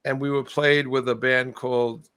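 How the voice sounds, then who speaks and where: A man's voice: medium pitch, level tone, normal speed, fairly bright tone, clear, resonant tone, dry recording. Rambling male guest on a video call. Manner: rambling, trailing off and restarting. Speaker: guest musician. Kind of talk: casual interview storytelling.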